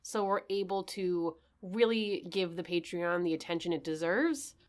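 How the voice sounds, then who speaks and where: A woman's voice: fairly low pitch, normal speed. A young woman co-hosting a casual podcast chat, dry and teasing, a bit bossy with her partner. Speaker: podcast co-host.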